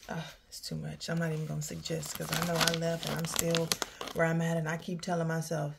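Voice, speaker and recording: A woman's voice: low voice, monotone, moderate pace, gravelly, noisy background. A woman talking candidly in a personal vlog, sighing often as she drifts from work troubles to faith. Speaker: vlogger. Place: outdoors near her home, rain starting.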